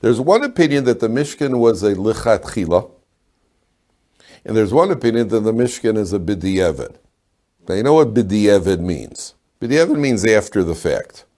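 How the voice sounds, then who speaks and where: A man teaching a Torah class to live students, animated, asking rhetorical questions and telling jokes. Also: fairly low pitch, moderate pace.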